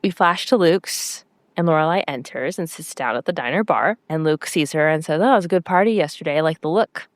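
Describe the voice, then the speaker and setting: A woman with a fairly low voice recaps a TV episode for her podcast co-host. She tells it as a lively story, slipping into quick impressions of the characters. The sound is dry and close to the mic. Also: no room sound. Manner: animated storyteller quoting characters.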